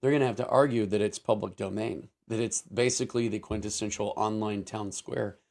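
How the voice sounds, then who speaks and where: A man co-hosting a casual talk show, quick to laugh and to make sarcastic asides, explaining points step by step. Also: fairly low pitch, fairly even intonation, vocal fry, darkish tone. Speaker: co-host.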